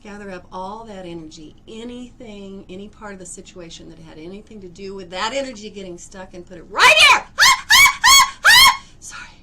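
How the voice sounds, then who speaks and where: A woman leading a live energy-healing demonstration, theatrical and expressive, often breaking into laughter. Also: medium pitch, moderate pace, very noisy. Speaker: energy healer.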